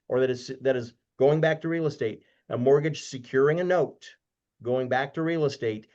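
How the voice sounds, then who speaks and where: Male guest expert, measured and insistent, muffled online-call sound. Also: medium pitch, a little mellow. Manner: deliberate, emphatic, repeats key points slowly. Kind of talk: explanatory webinar talk. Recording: dull lo-fi online call audio.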